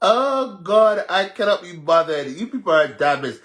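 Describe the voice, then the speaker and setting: A man with a Jamaican accent ranting on a livestream as a social media commentator, loud and mocking, laughing and cursing as he goes. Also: high-pitched, very animated, unhurried. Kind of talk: livestream rant.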